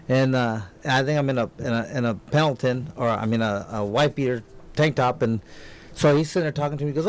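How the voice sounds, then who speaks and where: A man who was a world champion boxer, guest on a radio talk show, telling stories in a loose, rambling way. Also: mid-range voice. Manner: rambling storyteller, many restarts. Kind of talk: casual interview talk. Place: radio studio.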